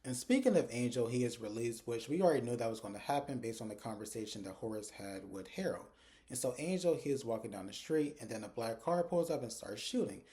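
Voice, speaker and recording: A man's voice: mid-range voice, lively intonation, mellow. A man giving a casual recap of a TV episode, recorded on his phone, quoting the characters' lines as he goes. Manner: retells scenes, acting out characters' lines in quick quotes. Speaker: TV episode reviewer. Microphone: phone camera.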